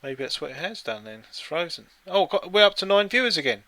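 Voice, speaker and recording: A man's voice: high voice, big pitch swings, brisk, bright, forceful tone, no echo. A man co-hosting a live stream, trading playful, giggly banter. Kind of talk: casual chat.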